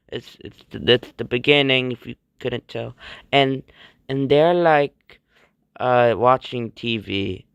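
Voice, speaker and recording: A man's voice: medium pitch, takes it slowly, gravelly, a bit bright, smooth, no echo, lo-fi sound. A man narrating a homemade cartoon in a rambling, stumbling, offhand way.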